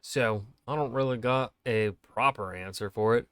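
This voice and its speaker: A man's voice: medium pitch, normal speed, smooth, no echo. A man hosting a reaction video, chatting casually with sarcastic asides and the odd swear.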